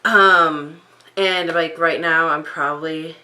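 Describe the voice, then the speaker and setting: Young woman, sleep-deprived vlogger, unscripted rambling, slightly low pitch, bright tone. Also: steady tone, slow pace, low-quality recording. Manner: rambling, many fillers and restarts. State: sleep-deprived, up late at night. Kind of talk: unscripted personal vlog.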